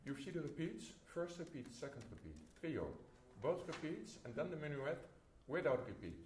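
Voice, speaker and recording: A man's voice: on the high side, big pitch swings, normal speed, background noise. A man teaching a clarinet masterclass, often singing phrases to show the music, in slightly non-native English. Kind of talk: masterclass coaching. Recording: roomy hall with instruments.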